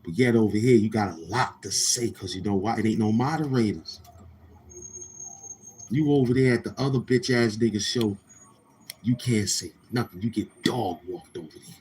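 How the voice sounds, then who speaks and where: Low-voiced man ranting on a livestream. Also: normal speed, darkish tone, slight background noise. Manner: loose, repetitive, with frequent restarts and mocking put-on quotes. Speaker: livestream host. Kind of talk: casual livestream rant.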